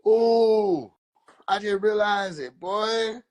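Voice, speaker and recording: A young man talks straight into his phone during a live stream, his voice sitting a little high. He rambles in a loose, animated, profane way. He keeps breaking into quick quoted voices of other people. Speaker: livestreamer. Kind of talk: rambling casual livestream monologue.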